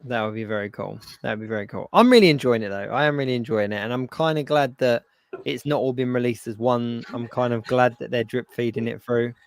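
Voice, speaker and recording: A man's voice: medium pitch, fairly quick, creaky. A man co-hosting a casual live stream, easygoing and agreeable, often repeating his phrases. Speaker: co-host.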